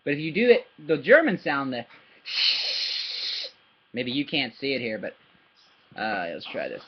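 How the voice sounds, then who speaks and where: A man's voice: medium pitch, wildly swooping pitch, normal speed, lo-fi sound, slight background noise. A man giving a casual, patient German lesson to a child, repeating words and demonstrating sounds. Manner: patient, repeats words and asks "yeah?" often; demonstrates sounds with paper and hand. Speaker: German tutor.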